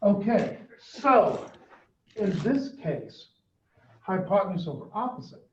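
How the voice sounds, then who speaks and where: High-voiced man teaching in an echoey classroom. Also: big pitch swings, takes it slowly, a little mellow, a little hiss or hum. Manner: questioning, coaxing students for answers. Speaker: math teacher. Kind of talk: classroom lesson. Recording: echoey, distant, dull classroom recording.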